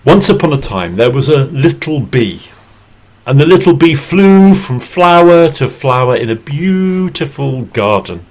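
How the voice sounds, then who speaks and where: A man from England, telling a story slowly and expressively over a video call. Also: mid-range voice, low-quality recording. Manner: slow, deliberate and expressive. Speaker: storyteller and English teacher. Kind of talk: oral storytelling.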